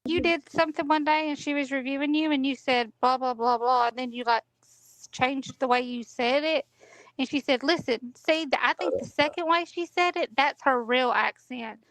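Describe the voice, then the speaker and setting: A woman's voice: sits high, normal speed, fairly bright tone, dry recording, low-quality recording. A woman on a livestream panel retelling what someone said, in a gossipy way. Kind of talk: casual livestream chat.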